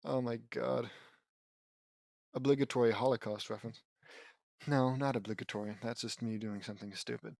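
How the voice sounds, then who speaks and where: A man's voice: mid-range voice, fairly even intonation, normal speed, vocal fry, pauses often, a little mellow, no room sound, clean studio sound. A man reading fan fiction aloud and breaking off for sarcastic, exasperated asides with swearing, sometimes trailing into mumbling. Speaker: fan fiction reader and commentator. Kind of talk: mocking read-along of fan fiction.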